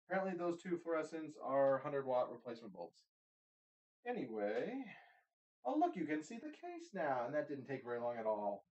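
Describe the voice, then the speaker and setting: A man's voice: mid-range voice, big pitch swings, moderate pace, a little mellow. A man rambling casually at home while filming a tech vlog, talking to his gear and wandering off on tangents, recorded on a handheld camera. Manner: chatty, talks to objects, many tangents. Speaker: tech vlogger. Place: room at home. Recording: roomy, distant, dull camera audio.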